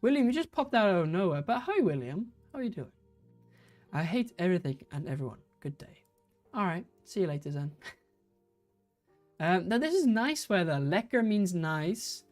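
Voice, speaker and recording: Low-voiced woman hosting a chatty livestream. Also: very animated, moderate pace, a little mellow, faint music behind. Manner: chatty, giggly, trips over words. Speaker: livestream host running a quiz. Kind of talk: casual live-stream chat.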